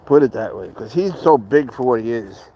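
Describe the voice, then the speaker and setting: A young man in a loose, rambling livestream chat, swearing freely and joking at his own expense. His voice sits at an ordinary middle pitch, picked up by a phone outdoors with faint traffic and street noise behind him. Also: expressive, moderate pace, warm tone, rough recording. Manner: rambling, crude, self-deprecating, talks to his cat. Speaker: cat owner livestreaming. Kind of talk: casual livestream chat, reading viewer comments.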